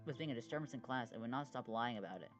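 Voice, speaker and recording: A voice actor playing a prim, stern, scolding schoolteacher in an animated series, on a dull, lo-fi recording. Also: mid-range voice, racing, soft background music, lightly acted.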